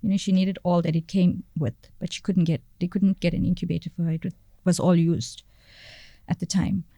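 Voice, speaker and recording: A woman, a podcast guest telling a personal story in a halting way, searching for words and repeating phrases. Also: lowish voice, flat delivery, vocal fry, warm tone, dry recording.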